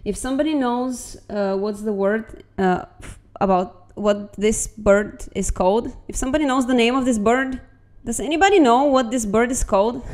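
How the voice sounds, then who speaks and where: A woman's voice: mid-range voice, darkish tone. A young woman who is not a native English speaker, casually and animatedly telling a travel story as a vlogger, swearing now and then.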